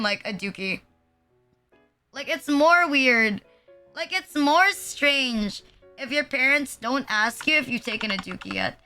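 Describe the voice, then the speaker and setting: High bright-voiced woman streamer. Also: clear, resonant tone. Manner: rambling, filler-heavy, crude joking. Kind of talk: casual live-stream chat.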